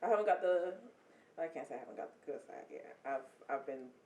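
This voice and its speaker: Podcast guest, woman, playful and agreeable, low but lively pitch, echoey room. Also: fast. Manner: playful, agreeable, laughs often. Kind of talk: casual chat.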